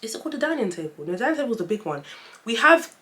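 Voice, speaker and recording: Young woman, casual story-time vlogger, animated, talks straight to the audience. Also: a little high, very fast. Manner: chatty, animated storytelling, addresses viewers as guys.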